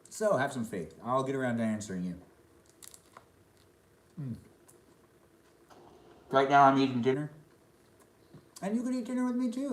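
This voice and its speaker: A man's voice: mid-range voice, roomy sound. Chatty man eating live on stream. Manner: chatty, reads and answers chat comments aloud; talks between bites of food. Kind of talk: casual live-stream chat while eating.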